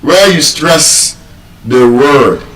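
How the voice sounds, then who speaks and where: A man with a Nigerian accent giving a public speaking lesson, slow and deliberate, leaning hard on single words to show stress. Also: on the high side, animated, a bit bright. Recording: echoey room, mic at a distance.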